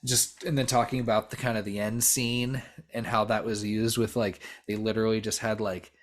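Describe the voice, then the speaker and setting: In a lowish, flat voice at a moderate pace, a male podcast co-host talks casually about a horror film. His talk wanders, with frequent fillers, restarted sentences and cursing.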